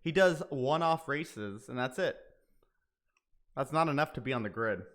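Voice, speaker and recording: A man hosting a casual race watch-along stream, talking excitably and swearing now and then. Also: medium pitch, normal speed. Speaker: livestream host.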